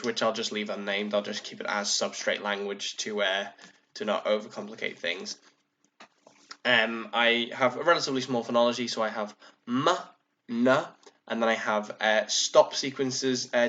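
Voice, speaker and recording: A man talks through a topic in a relaxed podcast chat, pausing often with ums and false starts. His voice sits mid-range. The sound is dull and lo-fi. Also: medium pitch, a little hiss or hum. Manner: hesitant, many ums and restarts. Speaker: podcast co-host. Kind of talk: casual explanatory chat.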